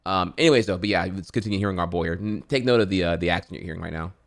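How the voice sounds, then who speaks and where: A man's voice: low-pitched, rapid-fire. A man in his thirties with a Louisiana accent, rambling and swearing while chatting on stream. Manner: profane, rambling, many restarts. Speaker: streamer reacting to videos. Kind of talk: casual rambling chat.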